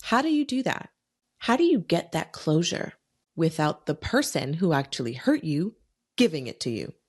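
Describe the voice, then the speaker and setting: A woman's voice: low-pitched, big pitch swings, normal speed, breathy edge. A woman hosting a solo podcast, talking bluntly with lots of swearing and emphatic rhetorical questions. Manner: talks herself through feelings aloud. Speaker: podcast host.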